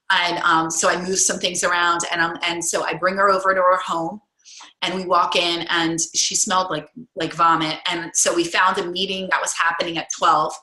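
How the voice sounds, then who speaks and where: Rambling woman coach, lowish bright voice, echoey room. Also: little pitch movement, a little fast. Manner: rambling, many restarts and fillers. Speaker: coach leading a group call. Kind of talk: casual storytelling to a group.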